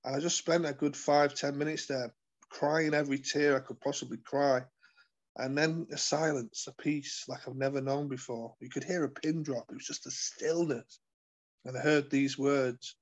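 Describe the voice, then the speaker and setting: Man, interview guest, earnest testimony, halting with fillers, monotone delivery. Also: mid-range voice, dull audio. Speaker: guest sharing his testimony. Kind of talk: personal testimony in conversation.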